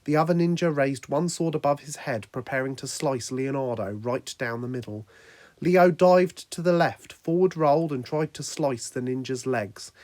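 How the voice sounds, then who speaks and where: A man's voice: medium pitch, normal speed, darkish tone, no echo. Man reading a story in a dry room. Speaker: narrator. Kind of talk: reading a fan fiction story aloud.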